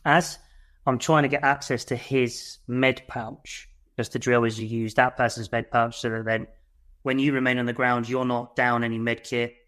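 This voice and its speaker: A man's voice: mid-range voice, little pitch movement, normal speed. A man, a military veteran, telling a war story as a podcast guest in a blunt way, with swearing. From United Kingdom. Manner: blunt and swearing, re-enacts his shouts.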